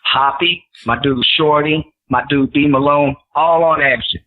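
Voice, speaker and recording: Animated storytelling man on a phone line. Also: on the high side, unhurried. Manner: animated, acts out quotes in raised voices. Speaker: guest rapper. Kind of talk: storytelling in casual chat.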